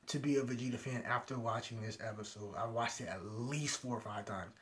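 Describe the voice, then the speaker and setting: A young man reviewing an anime episode in a casual, excited recap, retelling scenes and acting out the lines he quotes. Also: mid-range voice, brisk, few pauses.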